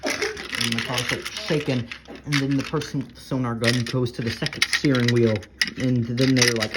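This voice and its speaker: A speaker of middle pitch rambles excitably through a chaotic video, tripping over words and restarting often. The recording carries a clear layer of background noise under the voice. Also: moderate pace. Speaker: commentator narrating a video. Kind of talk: casual rambling commentary. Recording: noisy home recording.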